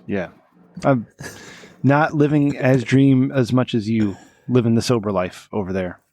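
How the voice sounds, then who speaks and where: A man's voice: mid-range voice, measured pace, a little mellow, no room sound. A man hosting a casual podcast, loose and profane, teasing his co-hosts. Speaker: podcast host.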